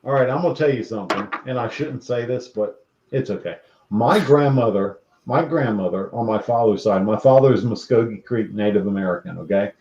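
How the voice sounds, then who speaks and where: A man's voice: on the low side, brisk, darkish tone. Sassy campy man hosting a podcast. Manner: sassy, campy, swears freely. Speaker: podcast host. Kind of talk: casual chat, reading viewer comments. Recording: roomy, dull lo-fi audio.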